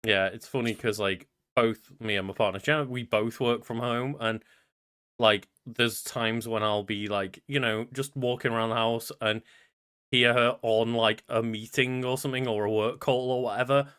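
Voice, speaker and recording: A man's voice: medium pitch, fairly even intonation, moderate pace, a bit bright, clean tone. A young man co-hosting a casual podcast, chatty, running through the show plugs. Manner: chatty, reads promo plugs in a customer-service cadence. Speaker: podcast co-host.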